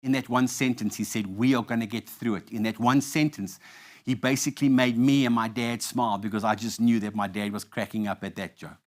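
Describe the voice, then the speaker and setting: A man's voice: medium pitch, steady tone, brisk. A man from South Africa hosts a live awards night, telling stories in a playful, easy manner. His voice sits in a middle register. He works a live room, mixing anecdotes with announcements. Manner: storytelling, playful, shifts to loud hype when announcing. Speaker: awards host. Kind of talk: live stage hosting with anecdotes. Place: live event venue.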